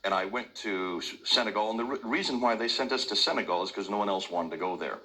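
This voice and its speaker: A man's voice: lowish voice, quick pace, poor audio. An older man from India with an American accent, giving an emphatic public talk as a lecturer. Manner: emphatic, forceful delivery.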